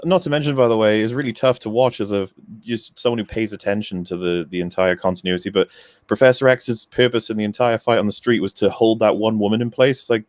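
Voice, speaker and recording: A man's voice: on the low side, a little mellow, no room sound, studio quality. A young man, guest on a casual podcast, ranting animatedly and acting out his own reactions. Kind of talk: casual chat.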